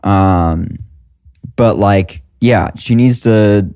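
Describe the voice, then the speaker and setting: A young man talks as a podcast guest with a very low, mellow voice. His easygoing chat is packed with filler words, and the sound is dry and close. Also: drawn-out words, clean tone, no echo. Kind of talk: casual chat.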